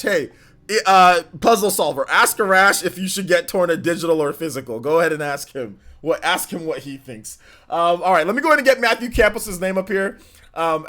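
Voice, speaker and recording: Male streamer, relaxed and slangy, chats with his viewers as if they were friends in the room. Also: on the high side. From United States. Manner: chatty, slangy, talks straight to viewers. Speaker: live-stream gaming host. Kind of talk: casual live-stream chat.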